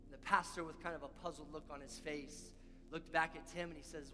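A man's voice: a little high, fairly even intonation, fairly quick. A man preaching a sermon as pastor, earnest and repeating key lines for emphasis. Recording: long hall reverb with faint music.

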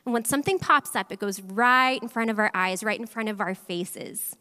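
In a large church hall with long reverb, a woman pastor in her thirties preaches to the congregation. She animatedly tells a personal story and addresses the crowd directly, her clean, mid-range voice moving at a normal pace.

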